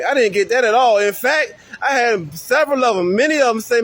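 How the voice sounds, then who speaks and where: A man's voice: sits high, animated, normal speed, a bit bright. An American man giving a preachy response monologue in slangy speech, firing off repeated rhetorical questions. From United States. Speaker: commentator responding to another video.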